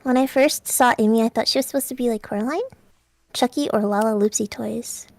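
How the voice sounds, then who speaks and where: A woman's voice: fairly high pitch, fairly quick, creaky, dry recording. A young woman from Alberta, Canada, streaming as a VTuber, chatting casually with a giggly, playful manner and often trailing off mid-thought. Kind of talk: casual chat.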